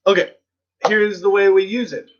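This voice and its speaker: A man teaching an online drum lesson in a percussion studio, counting beats aloud in an encouraging, relaxed way. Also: high-pitched, moderate pace, dull audio.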